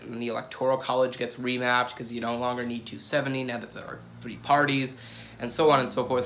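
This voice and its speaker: A man's voice: mid-range voice, bright, forceful tone. A young man hosting a podcast, giving his views in a loose, rambling way, with many restarts and some casual swearing. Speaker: podcast host. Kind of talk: casual solo commentary.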